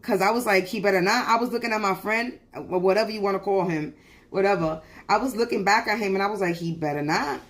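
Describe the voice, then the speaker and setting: A woman's voice: mid-range voice, fast talker. A woman venting on a phone livestream, telling a story in a heated, profane way with lots of restarts. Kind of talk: venting casual monologue.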